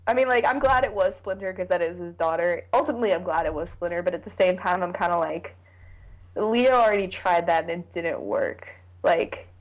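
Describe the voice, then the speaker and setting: A young woman co-hosting a casual podcast, talking in an animated, jokey way about a cartoon episode. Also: fairly low pitch. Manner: animated, jokey, slips into silly voices. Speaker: podcast co-host.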